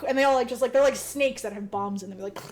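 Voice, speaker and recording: A woman's voice: fairly high pitch, fast talker. A young woman hosting a podcast, recapping a movie in casual chat, laughing a lot, swearing and saying "like" constantly. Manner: animated, laughing, lots of "like" fillers, swearing. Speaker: podcast host.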